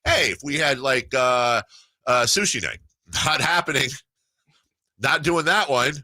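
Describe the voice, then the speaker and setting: Middle-aged guy on sports radio, bright sharp voice, rambly and laughing, dry studio sound. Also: medium pitch, expressive, a little slow, dry recording. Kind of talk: casual chat.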